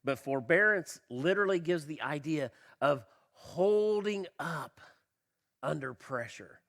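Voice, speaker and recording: Guy preaching in church, sharp bright voice, keeps asking the crowd stuff, a bit of a throat tickle. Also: takes it slowly. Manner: animated, swings from loud emphasis to quiet low delivery; asks the congregation questions. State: slight cough, tickle in throat. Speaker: pastor. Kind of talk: sermon.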